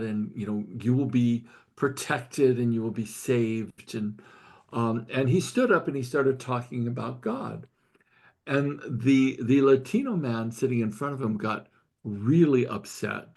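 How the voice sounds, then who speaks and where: A man's voice: medium pitch, a little mellow. An older man leading a study group, telling a story earnestly and tearfully, often repeating and restarting his words. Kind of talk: emotional storytelling in a group call.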